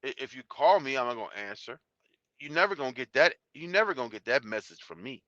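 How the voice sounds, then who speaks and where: A man's voice: mid-range voice, expressive, quick pace, bright, forceful tone, dry recording. Blunt profane man on a live stream. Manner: blunt, profane, rambling with restarts. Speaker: YouTube channel host. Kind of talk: live stream talk reading chat. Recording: dull lo-fi sound.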